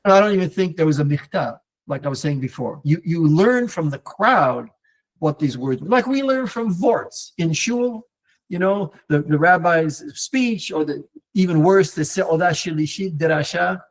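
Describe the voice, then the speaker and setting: A rather high-voiced man leads a live online Torah class. He swings his pitch up and down freely as he explains, answers viewers, and sprinkles in Hebrew words, with frequent restarts and fillers. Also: animated, moderate pace. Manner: mixes in Hebrew terms.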